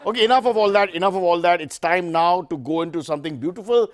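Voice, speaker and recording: A man hosts a satirical news show, with a fairly high voice. He talks in sarcastic, self-mocking asides and wanders between jokes. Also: fast. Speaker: comedy show host.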